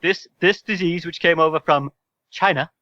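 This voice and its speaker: A man's voice: on the high side, normal speed, sharp tone, a little hiss or hum. A man putting on a brash, blustering, boastful politician impression, repeating himself as he jabs at a reporter. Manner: boastful, repetitive, jabbing. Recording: slightly dull call audio.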